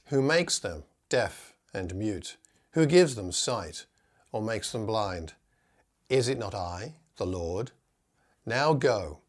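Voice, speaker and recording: A man teaching a class on preaching, speaking in an earnest, encouraging way and slowing down to read scripture passages aloud in a measured voice. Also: medium pitch. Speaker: preaching instructor. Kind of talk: teaching talk with scripture reading.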